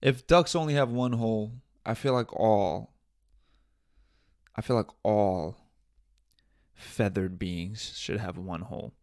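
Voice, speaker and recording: A man's voice: fairly low pitch, slow pace, long pauses, a little mellow, dry recording, clean studio sound. A man hosting a solo podcast in a casual, rambling, joking way, swearing often and talking to himself. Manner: rambling, joking, frequent swearing and self-talk. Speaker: podcast host.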